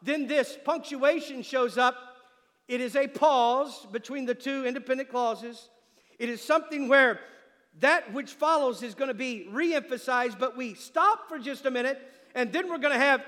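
A pastor preaching an emphatic sermon who calls out for an "Amen" from the congregation. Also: male voice, very high voice, normal speed, a bit bright, long reverb tail. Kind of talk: sermon with live demonstration. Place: church sanctuary.

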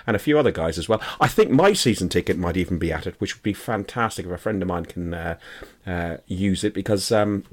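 A man's voice: deep voice, expressive, a little fast. A man with an Irish accent hosting a casual chat podcast, tired and rambling, joking about himself. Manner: joking, rambling, self-mocking. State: tired after a long drive and a late night. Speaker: podcast host.

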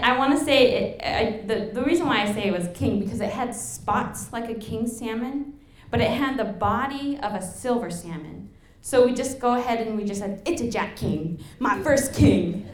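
A young woman from Alaska telling a lively personal story to an audience, laughing and acting out the quotes. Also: a little high, moderate pace, a little hiss or hum. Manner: animated, laughing, acts out quotes. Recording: echoey room.

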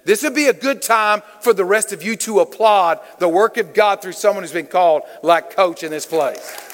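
A high-pitched man speaks at a moderate pace with a long reverb tail, preaching in church as a guest speaker. He's playful and engaging, calling on the congregation with a Southern "y'all" and questioning the crowd to draw responses in a lively, interactive sermon.

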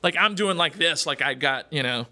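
A man hosts a radio show from a studio, chatting in a loose, rambling way. He jokes along and stops often with "uh" and "you know." His voice is bright, smooth, fairly high and dry, close on a studio microphone. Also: lively intonation, normal speed, no room sound. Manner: rambling, joking, chatty with many fillers. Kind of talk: casual radio talk.

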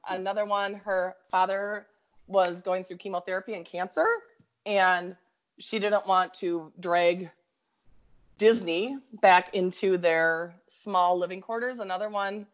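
A Minnesotan woman telling a long story in an easygoing, animated way, laughing as she goes and talking in eager bursts. The audio is a little dull and lo-fi. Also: lowish voice. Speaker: guest storyteller. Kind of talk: casual storytelling chat.

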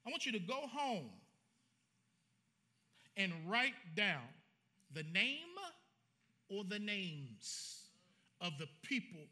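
A man preaching a sermon as pastor, animated and colloquial, joking with his congregation. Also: high-pitched, slow pace, pauses often.

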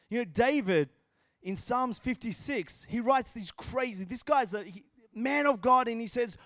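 A man's voice: very high voice, expressive, a little slow, fairly bright tone, no room sound, studio quality. A man preaching a sermon as a pastor, earnest and emphatic, repeating his phrases.

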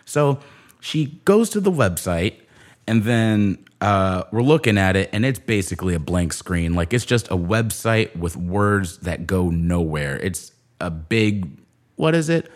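Low-voiced man ranting sarcastically. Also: a little slow. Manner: sarcastic, profane, animated storytelling. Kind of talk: casual ranting monologue.

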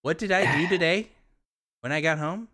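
A man co-hosting a casual podcast chat, animated and joking, who swears freely and sometimes shouts for laughs. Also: a little high, a little fast. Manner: animated, swears freely, bursts into loud jokes. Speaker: podcast co-host.

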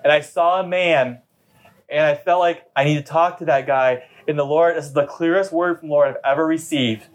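A man's voice: a little high, normal speed. A middle-aged man, a pastor, preaching a sermon in a chatty, storytelling way during a church service. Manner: conversational storytelling preacher, talkative.

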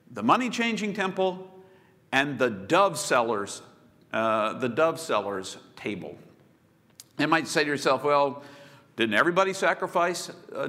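A man preaching a sermon, telling the story with swings between loud bursts and hushed asides. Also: on the high side. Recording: long hall reverb.

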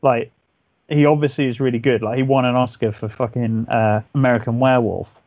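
A man's voice: medium pitch, fairly even intonation, brisk, a little mellow, no room sound. A man chatting casually about horror film effects on a podcast, enthusiastic and rambling, swearing often as he restarts his sentences. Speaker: podcast co-host. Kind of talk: casual film review chat.

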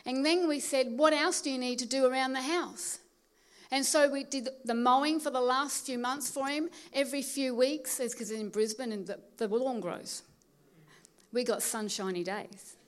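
High-voiced woman preaching. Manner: storytelling, emphatic preaching with slow stressed phrases. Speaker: pastor. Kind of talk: sermon.

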